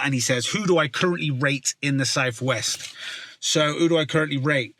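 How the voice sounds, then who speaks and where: A man's voice: mid-range voice, normal speed, sharp tone, a little hiss or hum. A male rapper with a Somerset West Country accent, talking casually to camera, rambling and swearing often with plenty of fillers. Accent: West Country English, Somerset. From South West England.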